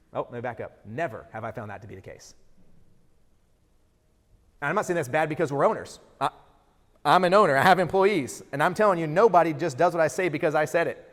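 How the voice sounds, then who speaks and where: A middle-aged man giving a motivational keynote speech, energetic and throwing rhetorical questions at the audience. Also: a little high. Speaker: keynote speaker. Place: large event hall. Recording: hall reverb from a live event.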